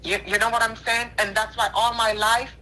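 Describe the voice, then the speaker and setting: A woman's voice: a little high, flat delivery, moderate pace, sharp tone. A tearful woman calling in on a phone line, talking in an earnest, repetitive, preacherly way. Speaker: caller. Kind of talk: emotional call-in apology.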